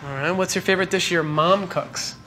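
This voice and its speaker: A man asking brisk, upbeat quick-fire interview questions, laughing easily. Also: sits high, steady tone, sharp tone, faint music behind.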